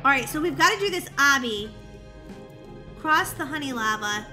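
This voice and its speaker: A woman hosting a game let's-play with bubbly, excitable, jokey commentary. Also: high voice, moderate pace. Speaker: gaming channel host. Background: game music.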